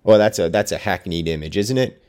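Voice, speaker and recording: A man's voice: deep voice, a little fast, a little mellow. A man reading a classic novel aloud and breaking off for wry, joking commentary. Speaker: reader and host.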